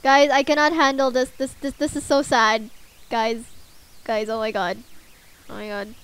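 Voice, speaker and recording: A young woman hosting a gaming video, reacting emotionally and loudly to what happens in the game. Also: a little high, normal speed, smooth. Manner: excitable, emotional, shouting at characters. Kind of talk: let's play commentary.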